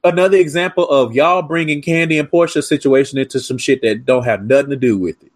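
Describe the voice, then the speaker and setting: A man's voice: medium pitch, fast. A man co-hosting a casual recap chat, talking in a sassy, emphatic and profane way. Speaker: podcast co-host.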